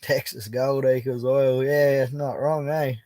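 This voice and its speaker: A man's voice: mid-range voice, level tone, takes it slowly, dark tone, no echo. A young Australian man chatting casually on a live stream from his bush camp, reading out viewer comments in a laid-back, chatty way and laughing easily. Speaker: prospecting livestreamer.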